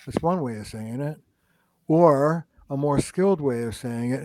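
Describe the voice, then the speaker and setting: On a conversational podcast, an older relationship counselor walks through his advice, animatedly acting out the lines he quotes. His voice is mid-range and measured, with no room sound.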